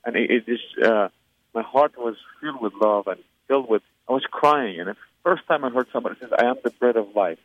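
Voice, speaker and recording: A man's voice: medium pitch, fairly quick, no room sound. A man from Iran, giving an earnest personal faith testimony in an interview, with frequent hesitations and fillers. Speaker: interview guest. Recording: tinny phone-line sound, dry.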